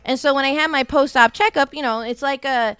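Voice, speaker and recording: A woman's voice: sits high, a little fast, no echo. A young woman hosting a stream, chatting casually and telling a story with much laughter and acted-out quotes. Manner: animated, laughs often, acts out quotes. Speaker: streamer host.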